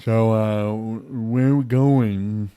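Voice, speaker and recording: A man's voice: lowish voice, steady tone, slow, warm tone, clean tone. A man voicing a drunk young male passenger who stutters and slurs his words. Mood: slurred. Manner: stuttering, slurred.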